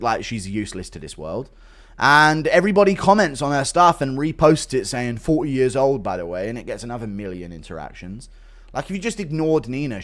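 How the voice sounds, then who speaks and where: A young man streaming and reading out chat messages, joking crudely with lots of fillers and laughter. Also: mid-range voice. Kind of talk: casual livestream chat.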